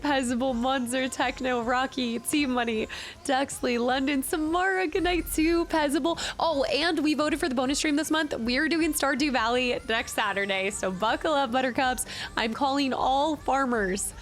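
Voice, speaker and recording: A woman's voice: sits high, normal speed. A woman game streamer with a sick-sounding voice, chatting casually and thanking her viewers by name at the end of a stream. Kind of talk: casual stream sign-off chat.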